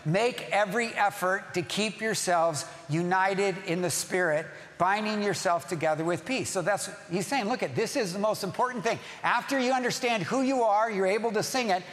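A man's voice: high-pitched, fairly bright tone, big-room sound. A man preaching as pastor, emphatic, repeating key phrases and putting questions to the congregation. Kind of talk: sermon.

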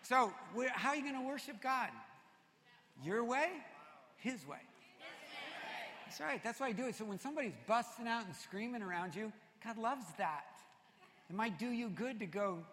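A man preaching a sermon to a congregation, energetic and shouting at his peaks, then dropping low and soft. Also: normal speed, long pauses, a little hiss or hum. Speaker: pastor. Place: large church hall with congregation. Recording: reverberant church hall.

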